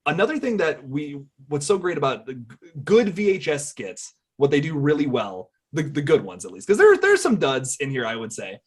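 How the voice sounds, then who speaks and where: A man hosting a casual podcast film discussion, rambling excitedly, swearing and laughing often. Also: fairly high pitch, brisk, few pauses, breathy edge. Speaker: podcast host.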